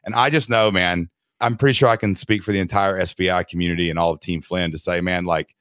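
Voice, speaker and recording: A man who is a guest on a podcast, speaking with deep feeling and lots of "man" and "dude". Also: steady tone, fast talker, fairly bright tone, no echo, studio quality. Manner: emotional, heartfelt, says "man" and "dude" a lot. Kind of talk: casual interview chat.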